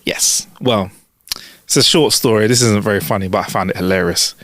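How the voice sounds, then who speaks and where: A man's voice: on the low side, a little fast, fairly bright tone, no room sound, studio quality. A man hosting a podcast, telling stories in a loose, jokey way with frequent laughs. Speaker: podcast host. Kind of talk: casual chat.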